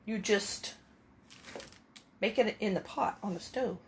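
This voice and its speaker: A woman's voice: mid-range voice, slow, noisy background. A woman chatting casually as she cooks in her home kitchen, rambling a little and restarting her sentences, recorded on a phone. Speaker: home cook.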